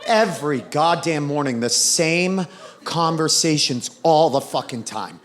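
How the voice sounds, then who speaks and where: A man's voice: on the high side, animated, measured pace. A man performing stand-up comedy on a club stage, telling stories in a profane, exasperated way. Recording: roomy club with crowd laughter.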